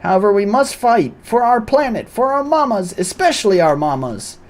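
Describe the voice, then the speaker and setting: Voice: mid-range voice, big pitch swings, normal speed, soft background music, voice pushed up, close to an everyday voice. A streamer voicing a brash, crude cat-girl commander, barking drill-sergeant orders while reading game dialogue aloud. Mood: barking bossy.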